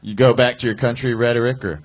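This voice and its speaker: A man's voice: medium pitch, steady tone, quick pace. A man on a live comedy panel, teasing the guest with crude riffs. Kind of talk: live comedy show banter.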